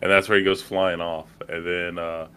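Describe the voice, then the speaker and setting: A man in casual movie chat, relaxed and dry, filling in plot details. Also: low voice, moderate pace, smooth. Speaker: podcast co-host.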